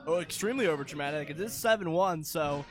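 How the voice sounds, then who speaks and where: Playful male color commentator, higher voice. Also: fast talker, soft background music. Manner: playful, joking asides. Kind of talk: live baseball commentary.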